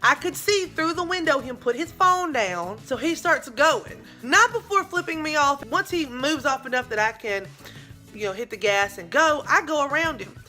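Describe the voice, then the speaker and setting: Young woman, high bright voice, super animated storytime, faint music behind. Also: moderate pace. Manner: animated, dramatic retelling with asides. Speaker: vlogger telling a story. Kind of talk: casual storytime.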